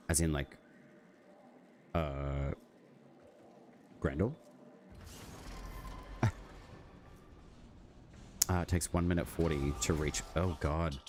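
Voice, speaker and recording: Deep-voiced man rambling on stream. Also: slow, long pauses. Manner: rambling, many fillers like "like". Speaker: game streamer. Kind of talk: casual live-stream chat while gaming. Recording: steady background noise.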